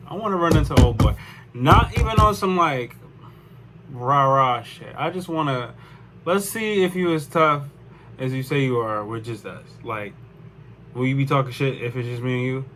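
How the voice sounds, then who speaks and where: A man's voice: medium pitch, background noise. A young man telling a personal story in a casual, rambling way, full of swearing and "like". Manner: rambling, profane, lots of "like". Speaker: vlogger.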